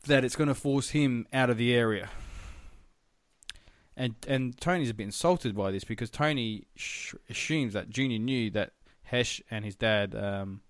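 A man's voice: mid-range voice, normal speed, dry recording, studio quality. A man co-hosting a podcast, recapping a TV episode in rambling casual chat, swearing freely. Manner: rambling and profane, with filler words. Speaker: podcast co-host.

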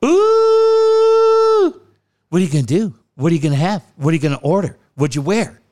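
A man imitating a nosy woman friend who teases him with rapid prying questions. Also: fairly high pitch, big pitch swings, darkish tone, smooth, pitched above the performer's own voice. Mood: teasing.

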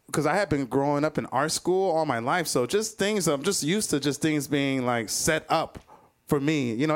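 A man tells a funny personal story to a live audience, with a voice that sits a little high for a man. He is animated, chuckles often and slips into other people's voices as he goes. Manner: animated, laughs between lines, acts out other people's voices. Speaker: storyteller, comedian.

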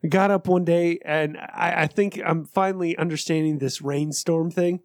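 A man in his thirties in casual chat with friends, ranting excitably and swearing a lot. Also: on the high side, moderate pace, no echo, studio quality. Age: 30s.

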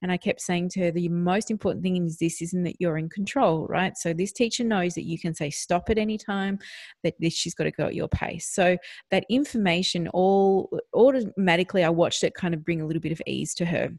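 Gentle, low-voiced woman telling a story. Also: a little fast, no room sound. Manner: warm, gentle storyteller, lifts her voice to act out her child. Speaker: podcast co-host. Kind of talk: casual storytelling on a parenting podcast.

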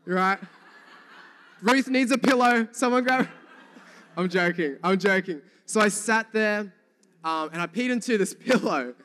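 Young nz guy preaching, goofy story time, kinda high voice, big hall echo. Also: measured pace, long pauses. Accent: New Zealand. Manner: lively storytelling, jokes with the congregation. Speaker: youth pastor. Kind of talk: sermon.

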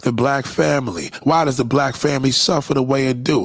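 A man's voice: high voice, brisk, dry recording, studio quality. A man delivering a profane, preachy rant straight at his audience. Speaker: commentator. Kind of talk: impassioned monologue rant.

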